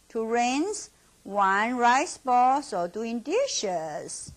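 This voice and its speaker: A woman teaching Chinese to beginners, modeling words slowly and repeating them with a Mandarin Chinese accent. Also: on the high side, sing-song. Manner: slow, deliberate, repeats words to model pronunciation. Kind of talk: slow language lesson with drills.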